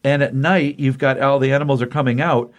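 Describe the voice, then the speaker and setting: A man's voice: medium pitch, fairly even intonation, fairly quick. A man casually recapping a comic book issue, chatty and rambling, often acting out the characters' lines. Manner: chatty, rambling, acts out quotes.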